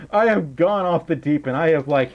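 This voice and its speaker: A man's voice: fairly high pitch, moderate pace, lo-fi sound. A man with a slightly raised voice chats his way through a late-night livestream. He sounds tired, rambles, and keeps breaking into giggles as he thanks viewers for donations. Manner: giggly, rambling, laughs often. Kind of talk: casual livestream chat.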